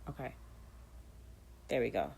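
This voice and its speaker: A woman's voice: a little slow, darkish tone. A woman playing a trivia app, reading the questions aloud and muttering casual commentary to herself as she plays.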